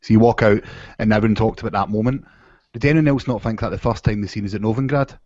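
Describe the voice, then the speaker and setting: A man with a lowish voice rambles through a casual podcast chat, stopping to search for words. The sound is dry and close, though dull and lo-fi. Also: quick pace, darkish tone, dry recording. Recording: dull lo-fi audio.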